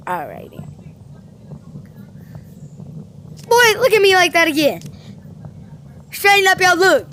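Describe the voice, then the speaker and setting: A woman's voice: sits high, expressive, takes it slowly, a bit bright, a little hiss or hum, full character voice. A woman voicing a cheeky house cat who talks in slang, teasing and playful, as a comic voice-over for a pet video. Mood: boastful.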